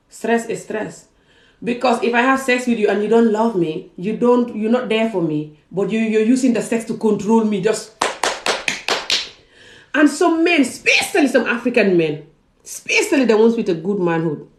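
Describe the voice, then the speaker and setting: A woman from Gambia and Senegal giving an emphatic personal vlog monologue, repeating words for stress. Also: medium pitch. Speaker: vlogger. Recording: roomy echo.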